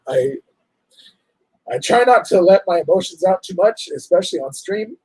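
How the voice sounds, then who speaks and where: A man hosting a casual livestream, talking in an emotional, halting, apologetic way. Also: high voice, expressive, a little mellow, slightly rough, no room sound, low-quality recording. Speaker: livestream host.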